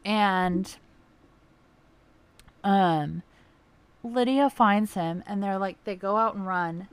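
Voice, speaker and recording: A young woman chats loosely and gushes like a devoted fan, filling her talk with "like" and casual swearing. Her voice sits at an ordinary middle pitch. The sound is dry and close, with no room around it. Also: takes it slowly, clean tone, dry recording. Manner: rambling, lots of "like", swears freely; gushing fan enthusiasm. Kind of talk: casual chat.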